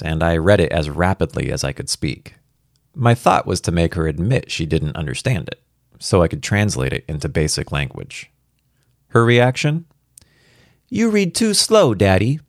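A man reading a first-person story aloud as a worried father, in an earnest, reflective and quietly anxious way. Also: a bass voice, gravelly, no echo, studio quality.

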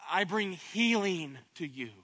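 A man's voice: high-pitched, animated, slow, fairly bright tone. A man preaching a sermon, repeating phrases and building to impassioned cries. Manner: repetitive, rising to impassioned cries at peaks.

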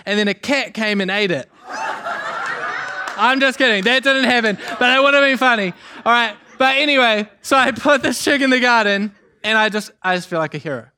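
A young man from New preaching a sermon, telling a story with jokes in an animated way. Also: very high voice. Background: band playing softly.

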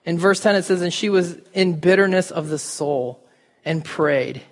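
A man's voice: high-pitched, moderate pace. A man, a pastor, giving an informal, conversational sermon and talking straight to his congregation in a church. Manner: informal, talks to the congregation directly. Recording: reverberant hall.

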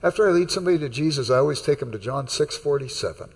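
A man's voice: mid-range voice, animated, very fast, gravelly, darkish tone, breathy edge, big-room sound. A man preaching a sermon in a conversational way, telling stories and acting out the dialogue. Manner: conversational, anecdotal, acts out dialogue. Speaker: pastor. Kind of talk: sermon with storytelling.

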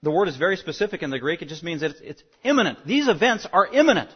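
A man preaching an expository sermon as pastor, emphatic and surging louder on key words. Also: a little high, big pitch swings, quick pace, slightly rough. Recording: muffled lo-fi sermon recording.

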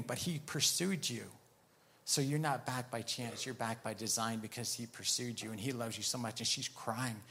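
A man's voice: medium pitch, fairly even intonation, moderate pace, bright, forceful tone. A man preaching, telling a story from his week with many quoted exchanges. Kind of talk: sermon testimony.

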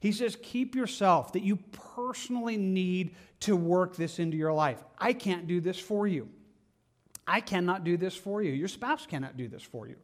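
A man delivers a Sunday sermon in a high-pitched speaking voice. He talks like he is chatting with his listeners, earnest and informal, with plenty of "like" and repeated words. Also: animated, normal speed. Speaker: pastor.

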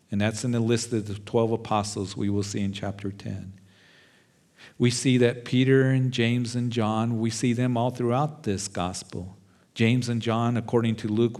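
Man preaching an animated sermon. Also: medium pitch. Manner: animated storytelling with acted quotes. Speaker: pastor.

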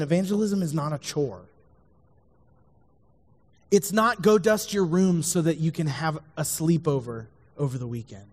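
Earnest preacher in a reverberant hall. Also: male voice, a little high, a little mellow. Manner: earnest, talks straight to listeners, repeats key lines. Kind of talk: sermon.

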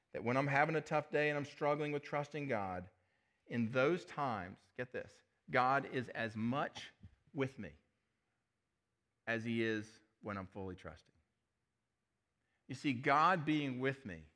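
A middle-aged male pastor preaching a sermon, earnest, often dropping his voice to a hush on key words. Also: medium pitch. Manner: earnest, drops to a soft hush on key phrases.

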